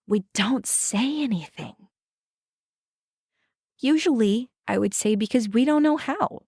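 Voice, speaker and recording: A woman co-hosts a reflective podcast, speaking earnestly and emphatically and often addressing her listeners directly. Her mid-range voice has a darkish tone, and the studio sound is clean with no echo.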